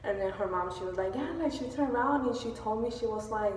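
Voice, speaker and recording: A woman's voice: fairly high pitch, fast talker, a little mellow, slight background noise. A woman beauty vlogger giving a casual, emotional update from her workplace, gushing and using many fillers. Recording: echoey, distant, faint store ambience.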